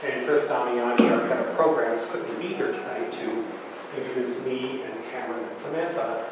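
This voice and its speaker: A man's voice: medium pitch, moderate pace. Breathless man in his fifties, echoey hall. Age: 50s. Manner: chatty, joking, asks the audience questions. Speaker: library director and event host. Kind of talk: welcoming remarks at a public talk. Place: lecture room in a historical society. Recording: echoey hall recorded from far off with noise.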